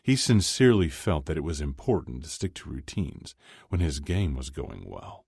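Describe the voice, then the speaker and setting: A man narrating an audiobook in an expressive storytelling manner. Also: extremely low pitch, normal speed, creaky, breathy edge, no room sound, clean studio sound.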